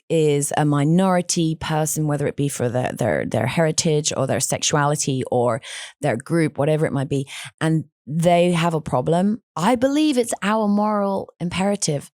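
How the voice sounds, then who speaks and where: A woman hosting a podcast, telling stories in an animated, outspoken way with frequent restarts. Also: low-pitched, no echo, clean studio sound. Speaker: podcast host. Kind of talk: casual conversational storytelling.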